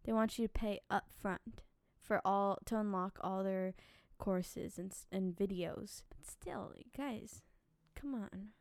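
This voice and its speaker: Chatty woman podcaster, smooth dry voice. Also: mid-range voice, dry recording. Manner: animated, chatty, quick asides and filler words. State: slightly dry voice from little sleep. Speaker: podcast host and singing teacher. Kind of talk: casual podcast rant and advice.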